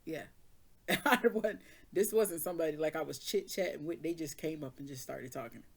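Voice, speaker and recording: A woman with a slightly low voice, reading tarot cards and then telling a story in loose, slangy speech. She switches into animated storytelling, acting out both sides of the conversation. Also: moderate pace, breathy edge. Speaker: tarot reader.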